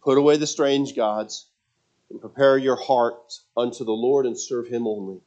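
A man's voice: medium pitch, steady tone, normal speed, a little mellow, highs cut off. A man preaching a sermon in a conversational way, restarting phrases and asking the congregation rhetorical questions. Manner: speculative, thinking aloud. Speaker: pastor.

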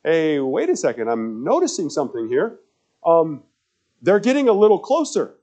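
A man's voice: on the high side, huge pitch swings, moderate pace, warm tone. A man preaching a sermon, telling stories with lots of repetition and stumbling restarts. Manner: storytelling with repetition and frequent stammered restarts.

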